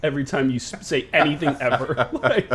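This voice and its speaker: A man's voice: medium pitch, brisk, a bit bright, slight background noise. A young American man hosting a casual gameplay session, brash and profane, laughing often. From United States. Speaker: gaming channel host.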